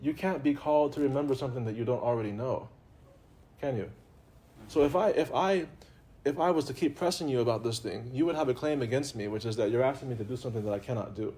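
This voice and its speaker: Mellow-voiced man giving spiritual talk. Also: mid-range voice, fast. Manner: conversational and playful, laughs often, repeats himself. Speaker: religious teacher. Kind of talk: informal spiritual talk to a live audience.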